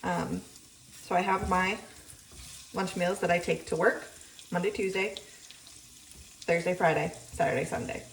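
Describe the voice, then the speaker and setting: A young woman talks casually in her home kitchen while cooking, rambling and filling pauses with ums. Her voice sits on the low side and bounces around a roomy space. She often drifts away from the camera mic while faint sizzling plays behind her. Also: steady tone, vocal fry, distant mic, slight background noise. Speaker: vlogger. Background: frying sizzle.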